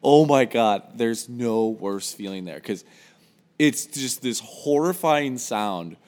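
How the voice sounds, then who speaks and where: A man's voice: medium pitch, animated, slow pace, darkish tone, in a large hall. A young man chatting casually on a podcast, telling stories with plenty of swearing and laughter. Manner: profane, laughing storyteller. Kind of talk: casual chat.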